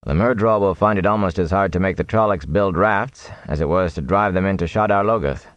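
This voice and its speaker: A man's voice: low voice, fairly quick, fairly bright tone, dry recording. A man reading an audiobook, voicing a grim male warrior who reports in a clipped, matter-of-fact way.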